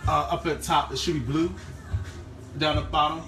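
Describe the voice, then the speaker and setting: High-voiced chatty man cooking on a live stream. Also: level tone, normal speed, music in the background. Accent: Eastern Shore Maryland. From Eastern Shore of Maryland, USA. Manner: chatty, greets and thanks viewers by name while cooking. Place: home kitchen.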